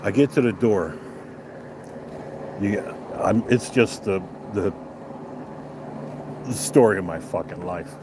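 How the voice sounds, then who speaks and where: A man's voice: fairly low pitch, takes it slowly, pauses often, noisy background. An older man vlogging, telling a profane, angry story about a road clash, swearing heavily as he talks outdoors. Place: outdoors on a restaurant patio.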